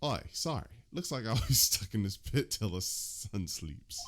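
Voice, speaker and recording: A man's voice: lowish voice, very animated, a little slow, slight background noise. A man voicing a brash shopkeeper with a put-on Australian accent, drawling and cocky.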